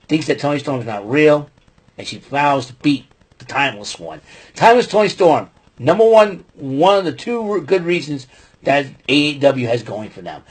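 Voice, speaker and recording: A man with a husky, breathy voice talks through a wrestling broadcast in casual podcast style. He rambles, piles up fillers and gives his opinions freely. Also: a little high. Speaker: podcast host. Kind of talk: casual wrestling show recap.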